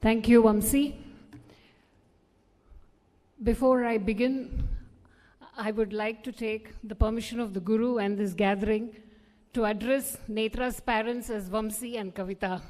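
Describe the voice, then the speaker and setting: A woman's voice: fairly high pitch, fairly even intonation, measured pace, long pauses, darkish tone. A woman, politely anchoring a formal stage event as master of ceremonies. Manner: polite, poised and welcoming. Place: large auditorium. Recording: long reverb of a live auditorium.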